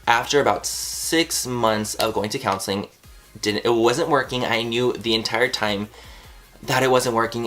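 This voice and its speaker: A man in his twenties casually telling a personal story to camera, animated, swearing freely and filling his talk with "like". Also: lowish voice. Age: 20s. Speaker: vlogger.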